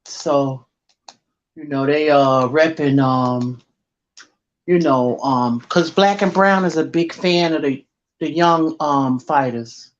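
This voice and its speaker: A woman's voice: low voice, takes it slowly. An American woman in a casual live-stream chat, speaking hesitantly with many fillers, over a dull lo-fi call line. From United States.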